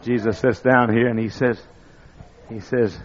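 An older man preaching a sermon, telling folksy stories that build up to excited shouting. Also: medium pitch, unhurried, a faint crowd, slight background noise. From East Texas. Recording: dull lo-fi recording.

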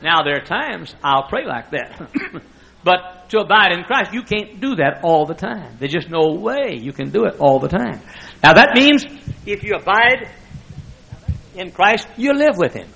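A man's voice: high voice, big pitch swings, a little slow, gravelly, pushed and bright, breathy edge, rough recording. An older man preaching a folksy sermon full of stories, chuckling often as he talks. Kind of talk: sermon with anecdotes.

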